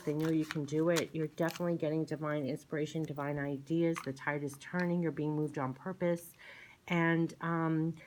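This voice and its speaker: A woman's voice: low-pitched, low-quality recording. A woman reading oracle cards in a soothing, gushing way, often repeating her phrases. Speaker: tarot and oracle card reader. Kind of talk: spiritual card reading monologue. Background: shuffling cards.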